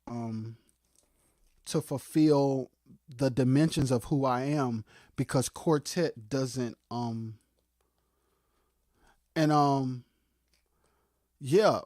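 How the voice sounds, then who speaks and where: A livestream co-host giving impassioned commentary on music production. They get fired up and shout, then drop into quiet asides, and repeat phrases for emphasis. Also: mid-range voice, drawn-out words, pauses often, no echo, clean studio sound. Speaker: co-host of a live music talk stream.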